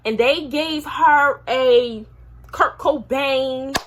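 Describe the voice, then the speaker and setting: A young woman telling a story to her vlog audience in a casual, animated and slangy way, with loud bursts and muttered asides. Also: high voice, drawn-out words, slight background noise. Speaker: vlogger.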